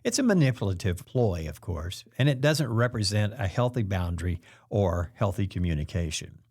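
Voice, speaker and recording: Lively-voiced man hosting a self-help talk. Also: fairly low pitch, normal speed. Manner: calm explanatory delivery, acts out quoted pressure lines. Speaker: host.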